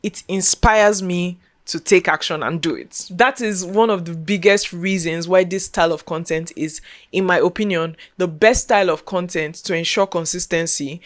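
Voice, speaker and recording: Her voice sits lowish and moves at a normal speed as this young content creator and podcast host talks casually to camera. Speaking from the heart, she repeats herself earnestly and becomes emotional, nearly crying.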